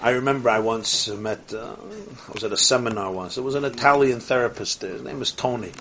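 A man teaching a Torah lecture as a rabbi. He mixes Yiddish and Hebrew terms into his English and swings from soft asides to rising exclamations. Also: medium pitch, fairly quick.

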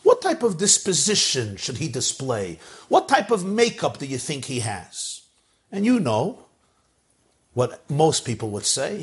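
A man's voice: fairly high pitch, sing-song, measured pace. A man giving an emphatic Torah lecture as a rabbi, repeating phrases for emphasis and using an Ashkenazi Hebrew pronunciation. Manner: mixes Hebrew and Yiddish words into English.

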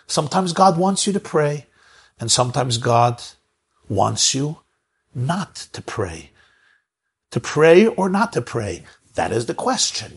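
A man's voice: medium pitch, creaky, slightly rough. A man giving a spiritual talk, telling stories in an emphatic way and stacking up repeated phrases. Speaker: spiritual teacher. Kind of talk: sermon storytelling.

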